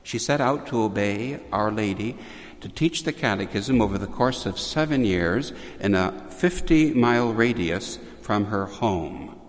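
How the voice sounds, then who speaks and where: Slow, low-voiced preacher in echoing church. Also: male voice, lively intonation. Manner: slow, measured, with wry asides. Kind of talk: storytelling sermon.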